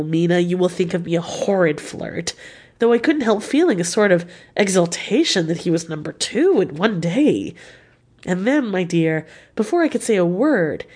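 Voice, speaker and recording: A woman reading a novel written as letters aloud, with a lively, confiding, expressive delivery. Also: fairly low pitch. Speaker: audiobook reader.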